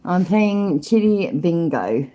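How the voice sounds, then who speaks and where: Sweary, animated British woman. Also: on the low side, slow pace. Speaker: reaction video host. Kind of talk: casual commentary reacting to a clip.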